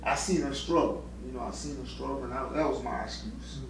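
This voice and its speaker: A middle-aged man telling his life story in an interview, heartfelt and halting, often repeating words. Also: medium pitch. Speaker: interviewee giving testimony. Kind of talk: personal testimony interview. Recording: echoey room, distant mic, faint noise.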